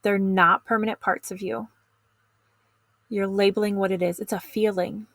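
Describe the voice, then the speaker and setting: A middle-aged woman coaching teens in an instructional video lesson, calm and encouraging, speaking straight to the viewer. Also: medium pitch, normal speed, no echo. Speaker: teen stress coach.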